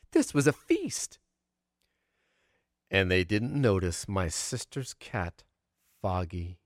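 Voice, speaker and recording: A man telling a homespun childhood story in an animated way, with sound effects and character voices. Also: deep voice, no echo, clean studio sound. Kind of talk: oral storytelling for an audience.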